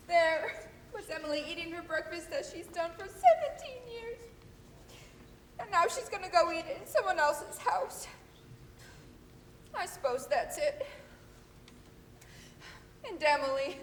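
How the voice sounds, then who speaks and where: A woman's voice: very high-pitched, fairly bright tone, a little hiss or hum. A woman playing an emotional, fussing mother of the groom in a live stage play. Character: fretful tearful mother of the groom. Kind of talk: live amateur stage acting. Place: theater stage. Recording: echoey hall reverb.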